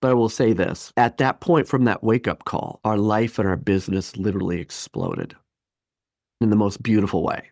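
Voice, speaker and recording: A man in his fifties telling a personal story as a podcast guest, lively and acting out the voices of people he quotes. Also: fairly low pitch, moderate pace, gravelly, no echo, clean studio sound. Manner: animated, acts out quoted voices. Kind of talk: storytelling interview.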